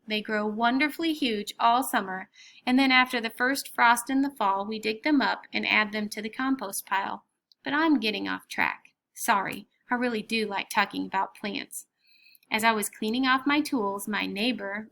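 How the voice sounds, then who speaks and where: Lively woman teacher reading aloud. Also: mid-range voice, normal speed, gravelly. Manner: expressive, lively read-aloud with voices for characters. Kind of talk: reading a story aloud to students.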